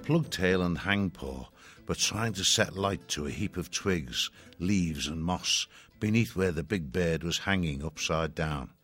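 A man reading a children's adventure novel aloud in a measured, expressive way. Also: sits low, soft background music. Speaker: narrator. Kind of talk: audiobook narration.

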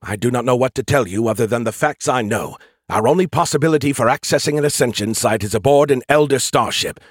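A man's voice: mid-range voice, fast, no echo, clean studio sound, pitched above the performer's own voice, close to an everyday voice. A man voicing an arrogant, snarky male AI hologram in an audiobook, talking in urgent, clipped, formal sentences.

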